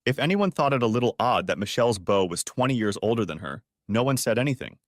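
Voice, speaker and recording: A man narrating an audiobook story with expressive storytelling. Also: mid-range voice, fast talker, no room sound, studio quality.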